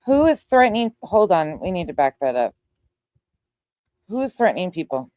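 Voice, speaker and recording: Wry low-voiced woman co-host. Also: big pitch swings, moderate pace, a little mellow, no room sound. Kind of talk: casual commentary chat.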